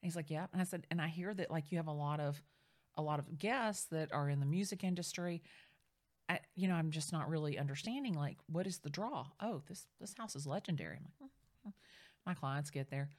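A middle-aged woman in casual chat, telling a story with lively, acted-out quotes. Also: low-pitched, fairly quick. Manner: animated storyteller, acts out quoted voices. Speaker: real estate agent.

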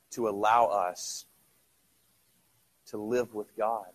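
Speaking in a mid-range voice, a middle-aged pastor delivers a conversational sermon full of rhetorical questions for the congregation, at times going quiet and then building back up to loud.

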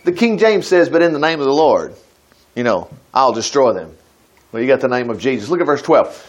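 A middle-aged man teaching scripture in a folksy, animated way, moving between reading verses and casual asides. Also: medium pitch, fairly quick, muffled recording. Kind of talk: informal Bible teaching.

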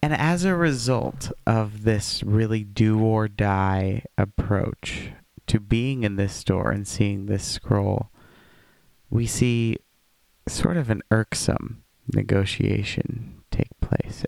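Deepish guy with a gravelly edge, rambly jokey podcast chat. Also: steady tone, takes it slowly, darkish tone, dry recording. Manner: rambling, jokey, playful wordplay. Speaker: podcast co-host. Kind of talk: casual chat.

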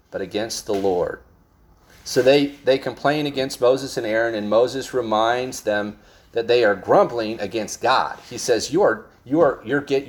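A man's voice: medium pitch, darkish tone. A man preaching a sermon, reading scripture passages aloud and explaining them in plain words, often restarting his sentences.

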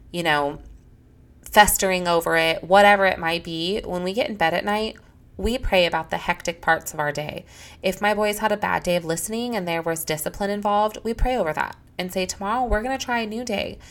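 A woman's voice: on the low side, fairly bright tone. A woman in her thirties hosting a solo Christian parenting podcast, talking earnestly and heartfelt, often acting out conversations with her children. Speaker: podcast host.

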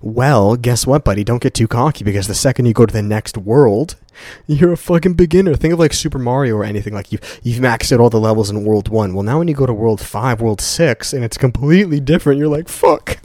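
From his condo, a young man runs a solo motivational podcast, his mid-range voice warm and fairly quick in a dry, clean studio-sounding recording. He calls his listeners "guys," talking earnestly with profanity and repeated words for emphasis.

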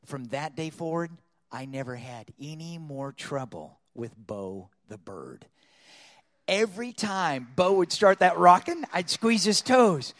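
Male storyteller preacher, high pitch, lively and dramatic delivery. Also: unhurried, big-room sound. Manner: animated storyteller acting out voices. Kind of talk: storytelling sermon.

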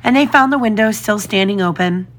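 A woman voicing a gentle but firm, motherly young girl in a storybook reading. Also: mid-range voice, brisk, close to an everyday voice.

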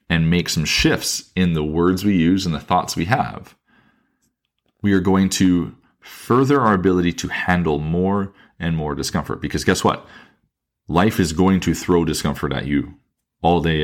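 A man with a very low voice speaks on his own podcast in his thirties. He sounds earnest and reflective, circling back over his phrases and slowing down to stress his points. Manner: earnest and thoughtful, repeats phrases and restarts, slows down to stress points. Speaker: podcast host, fitness coach. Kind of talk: reflective solo podcast monologue.

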